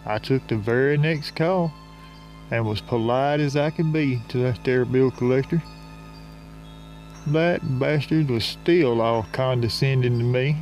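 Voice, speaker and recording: A man narrating a comic story in folksy rural slang, drawling and unhurried. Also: mid-range voice, a little mellow.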